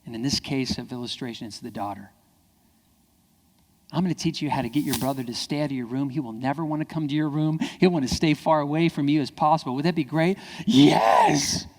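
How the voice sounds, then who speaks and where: A man giving a lively keynote speech to parents, acting out quoted kids and parents in high voices. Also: fast talker. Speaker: keynote speaker. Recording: hall reverb.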